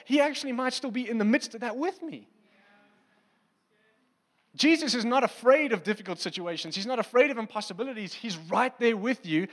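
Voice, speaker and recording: A man preaches in a relaxed, conversational way, acting out the scenes he describes. His voice sits a little high for a man. It rings out with the long reverb of a large hall. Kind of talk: sermon.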